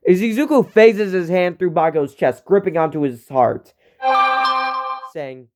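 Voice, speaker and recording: A man's voice: medium pitch, lively intonation, normal speed, dark tone, highs cut off. A young man narrating an amateur fan story in a rambling way, correcting himself as he goes.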